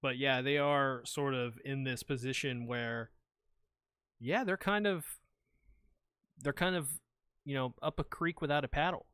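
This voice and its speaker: A man's voice: mid-range voice, measured pace, long pauses, fairly bright tone, clear, resonant tone, no room sound, clean studio sound. A man co-hosting a podcast in casual chat, easygoing and hedging his points. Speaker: podcast co-host.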